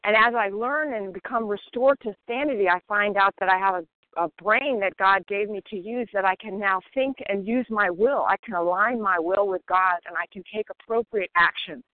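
A woman's voice: mid-range voice, moderate pace, dry recording. A woman from Maryland sharing earnestly at a recovery phone meeting. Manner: earnest, emphatic, steady. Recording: dry tinny phone line.

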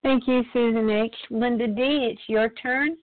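A woman leading a phone recovery meeting, calling on speakers in a brisk, friendly way. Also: a little high, steady tone, no echo. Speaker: meeting leader. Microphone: phone call. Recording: tinny phone line.

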